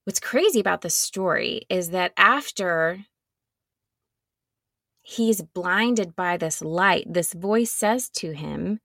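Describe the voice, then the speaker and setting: A woman giving a reflective, earnest sermon, sometimes dropping to a soft near-whisper. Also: on the low side, animated, slow pace, vocal fry, no echo, clean studio sound. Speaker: speaker giving a devotional talk.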